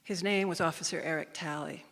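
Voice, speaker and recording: A woman telling a personal story on a live stage, in a measured and emphatic manner. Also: low-pitched, steady tone, fairly bright tone. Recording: reverberant live hall.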